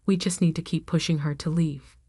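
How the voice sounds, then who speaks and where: A woman's voice: deep voice, steady tone, a little fast, dark tone, slightly rough, no room sound, studio quality. A woman voicing a dramatic, tearful middle-aged mother. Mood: calming. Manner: dramatic, accusing.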